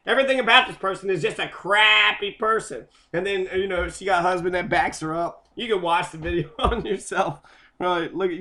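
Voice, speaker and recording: A man's voice: high voice, sharp tone. A man giving casual, rambling commentary on a video, full of profanity and loose asides.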